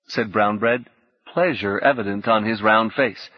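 Husky male audiobook narrator. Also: fairly low pitch, moderate pace, no room sound. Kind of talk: scripted narration. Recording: dull, dry lo-fi recording.

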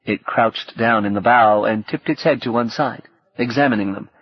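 A man narrating an audiobook in a calm, steady reading manner. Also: fairly low pitch, normal speed, husky, dry recording. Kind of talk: scripted narration. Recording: dull, dry cassette audiobook.

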